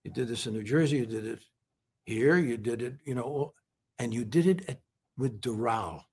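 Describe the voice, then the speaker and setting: Male interview guest from California: husky, earnest, stumbles and repeats himself. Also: medium pitch, darkish tone. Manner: halting, repeats words, many fillers. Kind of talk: heartfelt conversational praise.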